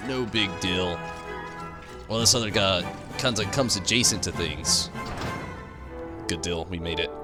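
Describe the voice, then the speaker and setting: A man's voice: sits low, moderate pace, pauses often. A man giving chatty, joking commentary while streaming a video game. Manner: chatty, joking, reads game dialogue aloud. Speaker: gaming streamer. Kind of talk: let's-play commentary. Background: game music.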